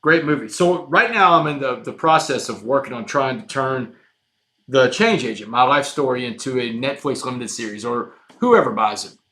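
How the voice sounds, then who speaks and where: A man recounting his life story as a podcast guest. His voice is bright and forward, pitched in a middle range, and he swings from hushed, low passages to loud, emphatic bursts. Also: moderate pace.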